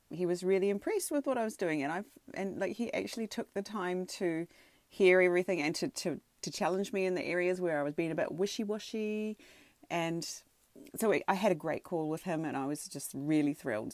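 A woman excitedly telling a personal story from home, full of fillers and restarts. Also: lowish voice, no echo. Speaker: podcaster sharing a personal story. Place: home, sitting on a tatami floor.

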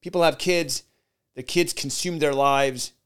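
A man's voice: on the high side, steady tone, a little slow, smooth. A man hosting a podcast, asking questions in a friendly, chatty, casual way. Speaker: podcast host. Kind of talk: casual interview.

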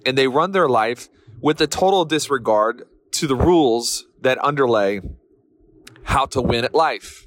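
A man's voice: medium pitch, fairly bright tone. A man hosting a motivational podcast, talking bluntly and with fired-up energy. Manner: blunt, fired-up, swears lightly. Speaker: podcast host.

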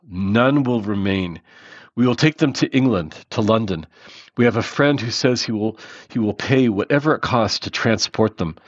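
A man reading the lines of a solemn, resolute man who makes a promise, speaking slowly and deliberately. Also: on the low side, no echo, lo-fi sound, close to an everyday voice.

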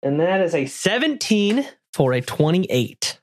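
A man's voice: high voice, sing-song, measured pace, noisy background. A man playing a tabletop game, describing his character's moves with gusto. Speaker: player. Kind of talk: casual tabletop game play.

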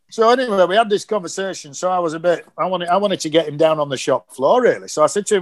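A middle-aged man tells cricket coaching stories on a podcast. His voice sits a little high, and he acts out each quote with lots of animation. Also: quick pace, hardly any pauses. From Yorkshire, England. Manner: animated anecdotes with acted quotes. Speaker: guest, former cricket coach. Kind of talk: casual podcast storytelling.

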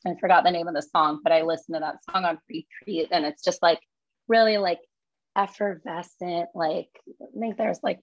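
A woman guest chatting casually and quickly, full of "like" and fillers. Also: medium pitch, no echo, muffled recording. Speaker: guest, studio owner. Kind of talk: casual chat.

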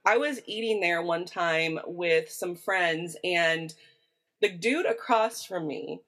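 A woman with a Midwestern American accent co-hosts a podcast, chatting casually and wandering into side notes. Her voice is on the low side and a bit bright, and she speaks at a slow pace.

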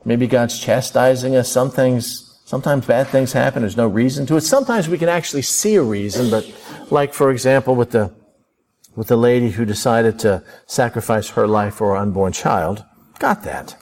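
A man preaching a sermon in an animated way, acting out prayers and quoted thoughts as he goes. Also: mid-range voice, normal speed. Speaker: pastor.

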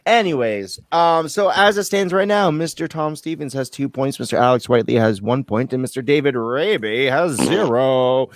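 A man's voice: mid-range voice, lively intonation, moderate pace, hardly any pauses, no echo. A man hosting a casual quiz game among friends, reading out facts, joking, swearing and laughing along. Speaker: quiz host. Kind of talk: casual group quiz chat.

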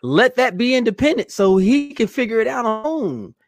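A man's voice: very high-pitched, big pitch swings, a little fast, gravelly, dry recording, studio quality. A man talking as a guest on a casual podcast chat, laid-back, swearing freely and rambling on about comics.

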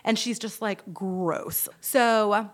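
A woman's voice: mid-range voice, normal speed. A woman podcast host, telling a long story in casual chat and acting out the voices of the people in it. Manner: animated storyteller, acts out quoted voices, swears freely.

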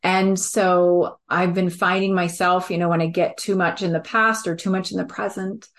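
Female podcast host, low-pitched, warm and earnest, reflective conversational delivery. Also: little pitch movement, moderate pace.

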